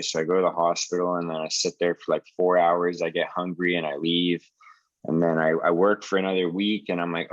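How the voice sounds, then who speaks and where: Low-voiced young man, profane rambling story. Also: level tone, fairly quick, no echo, lo-fi sound. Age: 20s. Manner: rambling, profane, lots of "like" and "dude". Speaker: support group host. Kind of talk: casual storytelling on a video call. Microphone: video call.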